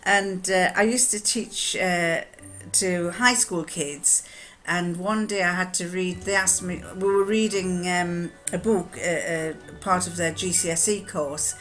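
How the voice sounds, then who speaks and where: A woman's voice: lowish voice, steady tone, a little slow, a bit bright, soft background music. Chatty older woman rambling on. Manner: rambling and chatty, many ums and restarts. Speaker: vlogger answering a tag challenge. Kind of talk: casual chat to camera.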